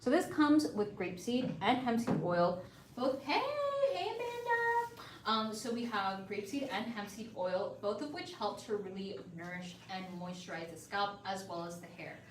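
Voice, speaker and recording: An upbeat, chatty woman sells hair products on a live stream, calling out to viewers in a friendly, casual way at a moderate pace with hardly any pauses. She sits far from the mic in an echoey room, with a faint hum of ambience underneath.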